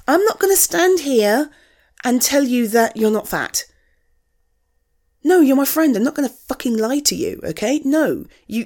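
A woman's voice: high voice, full character voice. A woman playing a young woman's blunt best friend in a one-sided audio role-play, swearing freely and giving frank tough love. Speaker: friend talking to the listener.

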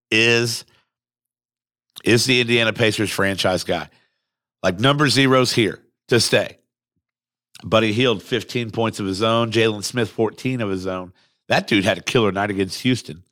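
A man hosting a sports podcast, talking casually in a rambling, excitable way with some swearing, recorded at a microphone. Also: fairly low pitch, dry recording, studio quality. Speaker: podcast host. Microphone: studio microphone.

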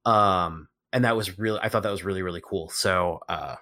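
A man co-hosts a casual podcast chat in a low, pushed, bright voice, talking fairly quickly. He rambles, with frequent fillers and restarts.

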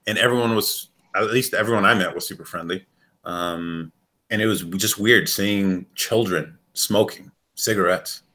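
A man from the United States chats casually as co-host, rambling and animated, with plenty of swearing and laughter. His voice sits a bit low. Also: moderate pace. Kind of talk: casual chat.

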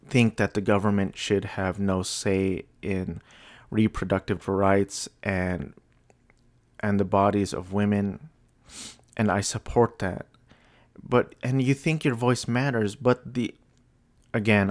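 A young man speaks in a low, unhurried voice, halting and restarting as he apologizes. His tone is despondent and subdued. The recording is dry and close. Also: no room sound. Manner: hesitant and apologetic, with many restarts. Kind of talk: rambling solo commentary.

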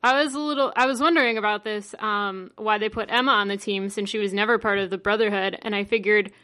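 A woman co-hosting a podcast with a bright, sharp voice. She talks casually, leaning on filler words. Her pitch is in the usual range for a woman. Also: steady tone, quick pace.

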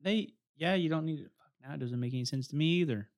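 A man's voice: fairly high pitch, quick pace. A man co-hosting a casual podcast chat, swearing freely and laughing through his stories. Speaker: podcast co-host.

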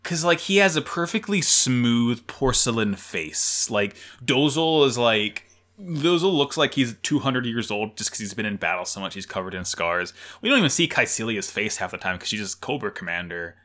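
A man's voice: mid-range voice, moderate pace. A man co-hosting a podcast, joking and rambling in casual chat while tired. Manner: jokey, animated, rambling with fillers. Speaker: podcast co-host.

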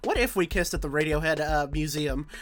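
Lively, giggly co-host chatting over a game. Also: medium pitch, fairly quick, soft background music. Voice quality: playful, giggly, trailing off. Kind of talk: casual co-op game chat.

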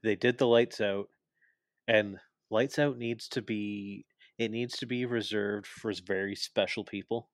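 A man's voice: on the low side, steady tone, measured pace, no echo, clean studio sound. A young man co-hosting a casual podcast chat, opinionated and explaining at length with plenty of fillers. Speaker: podcast co-host.

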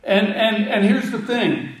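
A man preaching a sermon, retelling scripture as a lively story and acting out the disciples' lines with humor. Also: high voice, slow pace, reverberant, far from the mic, poor audio. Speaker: pastor.

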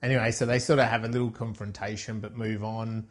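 Talking fast with little pitch movement, a man with a fairly low voice co-hosts a laid-back film review podcast. His recap of the scenes wanders and is full of self-corrections.

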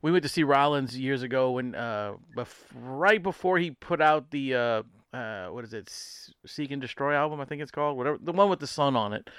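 Brash man, smooth resonant voice, dry close sound, casual podcast chat. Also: medium pitch, a little fast, hardly any pauses, a bit bright, no echo. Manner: brash, swears freely. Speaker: podcast co-host.

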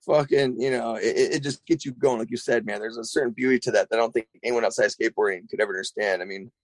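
A middle-aged man who runs a skate shop, chatting casually on a podcast, rambling and profane, with animated retellings. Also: medium pitch, fast, no echo.

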